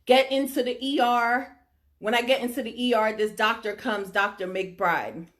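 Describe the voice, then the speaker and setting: A middle-aged woman vlogger shares the story of her diagnosis with her audience, speaking emphatically and often checking in with listeners. Her voice is a little high, steady and a bit bright, at normal speed.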